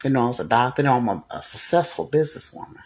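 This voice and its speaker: A woman casually telling a personal story to camera, animated and blunt, cussing freely and jumping into the voices of the people she quotes. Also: rumbling low, very fast. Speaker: vlogger.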